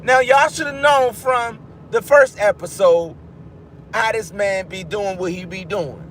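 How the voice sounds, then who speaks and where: A man giving casual commentary to his viewers, rambling and animated, often breaking off mid-thought and restarting. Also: high voice, unhurried, a little hiss or hum. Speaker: vlogger.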